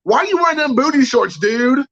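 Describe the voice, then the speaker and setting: A man putting on the voice of a loud, pushy eight-year-old boy who keeps needling someone. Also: extremely high pitch, animated, fairly quick, dull audio, pitched above the performer's own voice, exaggerated voice. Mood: mocking.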